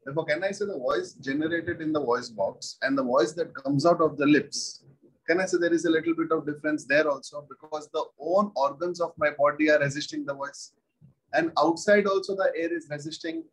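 A man's voice: on the high side, a little fast, slightly rough, low-quality recording. A man teaching a physics class, repeating every point and asking the students rhetorical questions. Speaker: physics lecturer. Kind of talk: classroom lecture.

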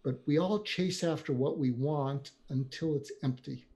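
An older man, a psychiatrist guest in a conversational interview, telling animated stories and acting out quoted dialogue. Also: mid-range voice, a little slow.

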